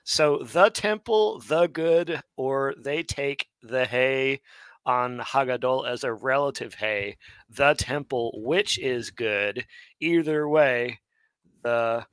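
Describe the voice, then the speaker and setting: A man's voice: medium pitch, slow, a bit bright, clean tone, dry recording. A man co-hosting a live online class who thinks aloud and corrects himself as he translates. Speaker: co-host of a Hebrew study class.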